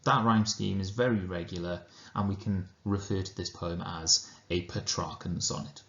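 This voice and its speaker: Man, Welsh accent, teacher, slow careful explanation, dull roomy lo-fi recording. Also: sits low, steady tone, a bit bright. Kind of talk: recorded lesson and poetry reading.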